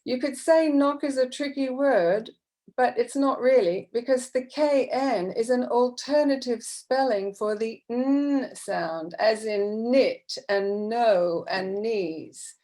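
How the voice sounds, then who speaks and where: Slow, patient woman teacher trainer. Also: fairly high pitch, mellow. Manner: patient, slow, explanatory, with many fillers. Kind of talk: online teacher-training talk.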